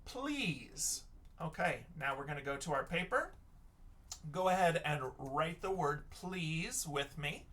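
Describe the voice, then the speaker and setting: Male teacher, young adult, recorded kids' reading lesson; unhurried, sounds words out letter by letter. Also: fairly high pitch, pushed and bright.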